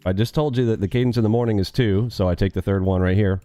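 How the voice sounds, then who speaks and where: A man's voice: fairly low pitch, quick pace, dark tone. A man live-streaming his day trading, upbeat and quizzing his viewers with catchphrases.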